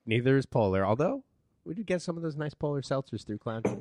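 Male podcast host, lively swinging voice, teasing and cursing casually. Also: mid-range voice, fast talker. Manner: teasing, animated, swears casually. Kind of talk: casual chat.

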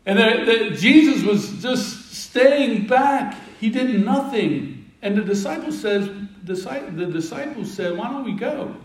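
This pastor's voice is high and his intonation lively as he preaches slowly, recounting a scripture story with playful voices for the disciples. The mic is distant, leaving him set back in an echoey room.

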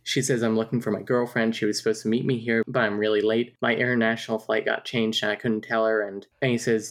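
A woman's voice: rumbling low, level tone, brisk, hardly any pauses. A woman casually recapping a romance novel on a podcast, reading out messages and passages and laughing often. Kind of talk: casual book recap chat.

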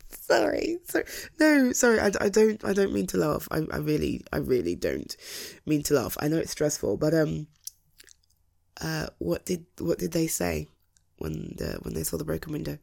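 A woman's voice: low voice, huge pitch swings, moderate pace, vocal fry, darkish tone. A woman in a whispered role-play as a comforting partner, soothing and reassuring, often breaking into giggles.

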